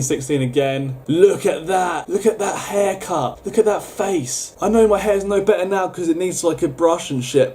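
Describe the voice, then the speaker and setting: A man's voice: a little high, darkish tone. A young man chatting casually, rambling and swearing now and then. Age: young adult. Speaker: YouTuber. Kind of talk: casual chat.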